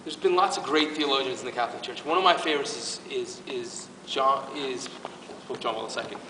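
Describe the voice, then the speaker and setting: A man's voice: mid-range voice, brisk, noisy background. A man giving an informal faith talk to a youth group at his parish, earnest and emotional, with many restarts. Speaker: parish youth ministry speaker. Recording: echoey hall from far off.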